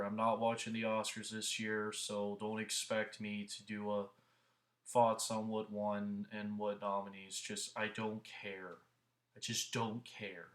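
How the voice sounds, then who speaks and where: A man's voice: on the low side, a bit bright. A man hosting a casual movie review vlog, talking earnestly in a rambling way with many restarts, into a headset mic.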